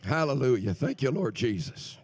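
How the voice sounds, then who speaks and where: Older man, guest preacher, church sermon, higher voice, gravelly, very animated, dry close sound. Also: moderate pace, dry recording. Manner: animated preaching, swings from loud exclamations to quiet asides, laughs between points. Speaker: guest minister. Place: church sanctuary.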